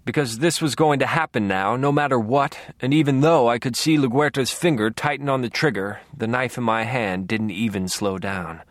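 A man narrating a dark first-person audiobook in a low, brooding, measured voice on a close studio mic. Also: no room sound.

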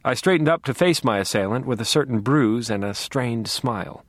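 A man narrating a first-person audiobook in a dry, wry, measured way. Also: medium pitch, lively intonation, no echo.

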